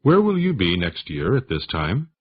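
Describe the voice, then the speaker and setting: A low, husky male voice reads slow practice sentences for an English lesson, one model sentence at a time, covering questions and answers. His intonation rises and falls lively, though the audio is dull and lo-fi.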